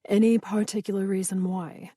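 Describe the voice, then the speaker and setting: Woman doing a low, teasing vampire lord. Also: level tone, moderate pace, warm tone, slightly rough, no room sound, studio quality, close to an everyday voice. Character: commanding, amused male vampire lord.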